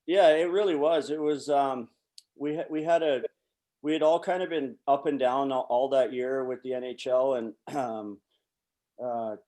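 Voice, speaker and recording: A man's voice: medium pitch, fairly even intonation, moderate pace, mellow. Profane, rambling man telling stories. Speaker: podcast guest, former pro hockey player. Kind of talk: casual storytelling.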